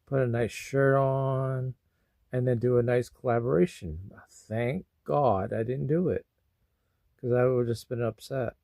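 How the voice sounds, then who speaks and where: Male vlogger, sad and sleepy, slow gravelly delivery, dry close sound. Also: medium pitch, steady tone, no room sound. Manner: slow, rambling and mournful, with sudden loud bursts. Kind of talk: emotional personal vlog.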